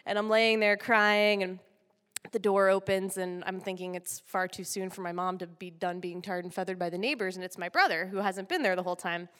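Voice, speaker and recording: A woman telling a personal story with lively delivery, vocal sound effects and bursts of laughter. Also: mid-range voice, brisk, clear, resonant tone. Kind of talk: personal story told live. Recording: long hall reverb.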